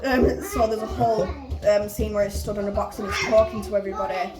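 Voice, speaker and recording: A young woman talks through a plot in a loose, rambling way, peppering her lines with "um" and "like". Her voice sits at a middling pitch and rings in an echoey room. Music plays clearly behind her. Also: steady tone, quick pace, few pauses. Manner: chatty, rambling, full of "um", "like" and "obviously". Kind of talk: casual retelling of a musical's plot. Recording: roomy echo with music behind.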